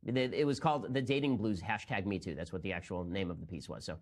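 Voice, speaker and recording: A man giving political commentary, talking quickly in a mocking, incredulous manner. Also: low voice.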